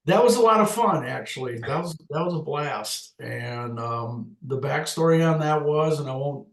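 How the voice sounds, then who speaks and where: An older man, a retired umpire, telling lively baseball stories in a casual interview and laughing often. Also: fairly high pitch, moderate pace, vocal fry. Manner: animated anecdotes, laughs often. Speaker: retired MLB umpire, guest. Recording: echoey room.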